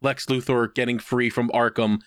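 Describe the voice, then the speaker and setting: A man co-hosting a podcast, telling a long story in casual chat. He is animated and profane, and he slips into put-on voices to act out quotes. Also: medium pitch, normal speed, clear, resonant tone, no room sound, studio quality. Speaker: podcast co-host.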